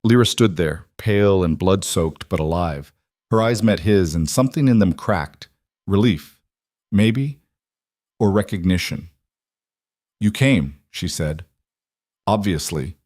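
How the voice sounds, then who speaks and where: A man reading a dramatic story aloud as narrator, steady and even, voicing the characters' lines himself. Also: low voice, measured pace, pauses often, dry recording, studio quality. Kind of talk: scripted narration.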